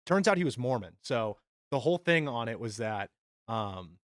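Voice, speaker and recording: A man's voice: medium pitch, moderate pace, no room sound, clean studio sound. A young man on a podcast, casually telling a story with lots of swearing, "dude" and "like.". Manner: animated, swearing, frequent "dude" and "like". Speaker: podcast co-host.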